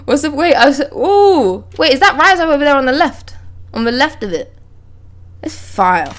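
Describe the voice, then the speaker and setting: A young woman is on a livestream, reading manga dialogue out loud and stopping now and then to react with excited exclamations and curses. Her voice sits high and her pace is moderate.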